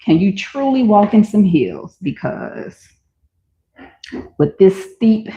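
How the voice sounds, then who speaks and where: Slow-talking woman with a mellow voice. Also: medium pitch, sing-song. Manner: chatty and enthusiastic, talks to viewers. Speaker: vlogger selling shoes. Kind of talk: casual shop-with-me commentary. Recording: roomy, slightly dull home recording.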